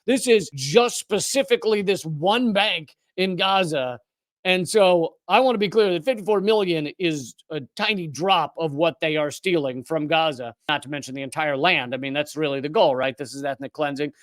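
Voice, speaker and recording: Brief: sarcastic man hosting a commentary show, high voice, dry close sound. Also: moderate pace, dry recording. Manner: indignant, sarcastic. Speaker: political commentary host. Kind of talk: scripted political commentary.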